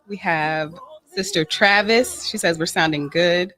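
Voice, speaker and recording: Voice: medium pitch, unhurried, sharp tone. A co-host reading out viewers' names and comments on a live stream.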